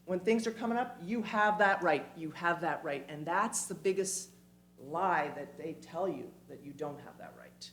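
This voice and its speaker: A woman giving an animated, emphatic community talk, with quick asides, in a church hall. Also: low voice, slight background noise. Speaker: speaker.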